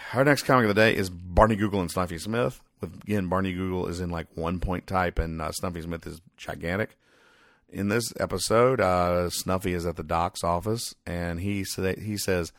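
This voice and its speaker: Deep-voiced man dryly explaining comics. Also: no room sound. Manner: dry, rambling, halting with many fillers. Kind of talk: casual deadpan comic strip commentary.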